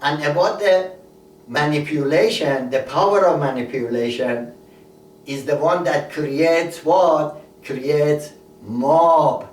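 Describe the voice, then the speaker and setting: A man's voice: fairly high pitch, slow. Preacher man in an echoey room. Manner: storytelling, repeats key words for emphasis. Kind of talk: sermon. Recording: echoey room, voice a bit far from mic, faint ambience.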